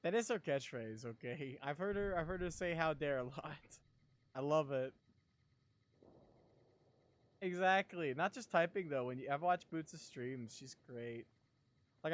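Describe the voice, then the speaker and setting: A young man chatting casually on a live stream, rambling and excitable, laughing often and sounding sleepy. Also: on the high side, unhurried, pauses often.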